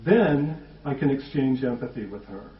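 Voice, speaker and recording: A man's voice: mid-range voice, lively intonation. Man giving a roomy, distant talk. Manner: measured, explanatory, with rhetorical questions. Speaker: public speaker. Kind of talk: prepared public talk. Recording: roomy, distant, dull audio.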